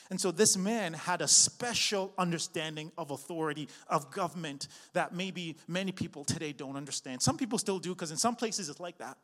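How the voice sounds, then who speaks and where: A man with a high voice preaching in a church hall, where his words ring out with a long reverb. He builds to loud, rising refrains, then settles into a chatty, halting storytelling tone. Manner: slips into chatty storytelling with fillers and restarts. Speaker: pastor. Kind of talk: sermon.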